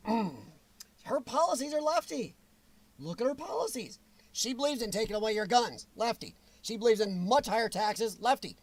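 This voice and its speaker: A man's voice: extremely high pitch, lively intonation, normal speed, no room sound. A man hosting an opinionated livestream, talking bluntly and reacting to viewer comments in a ranting manner. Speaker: show host reading chat.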